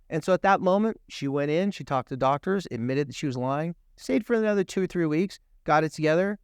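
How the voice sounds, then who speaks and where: A man's voice: on the high side, lively intonation, a little fast, few pauses, smooth, no echo, clean studio sound. A man appearing as a guest on a TV talk show, telling a personal story earnestly and emphatically, acting out the quoted dialogue. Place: TV studio.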